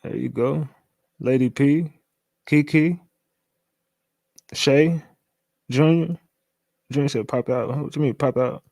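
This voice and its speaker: A man hosting a casual livestream, talking loosely, repeating catchphrases and shouting out viewers. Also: mid-range voice, takes it slowly, creaky, pauses often, no room sound. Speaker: livestream host.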